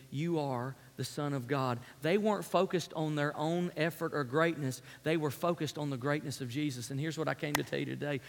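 A man preaching a sermon as pastor, telling stories in an animated way that swings from loud to hushed. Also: a little high, creaky. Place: church sanctuary. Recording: long reverb of a large hall.

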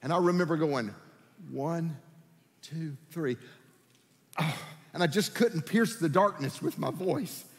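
Male preacher, animated storyteller who acts out voices, slightly high pitch, recorded in a big echoing sanctuary. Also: normal speed. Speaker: pastor. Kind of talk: sermon with personal storytelling. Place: church sanctuary.

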